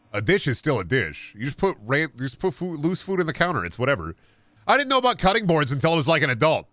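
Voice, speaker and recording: A man's voice: mid-range voice, a bit bright, dry recording. A man streaming a game, chatting casually and riffing through absurd comedy bits in a rambling way.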